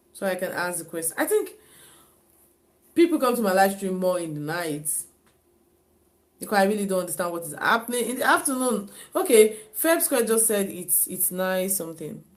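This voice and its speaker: Woman vlogger, casual live-stream chat, talkative, repeats herself, mid pitch. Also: expressive, moderate pace. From Africa. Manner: chatty, repeats herself, laughs and sighs often.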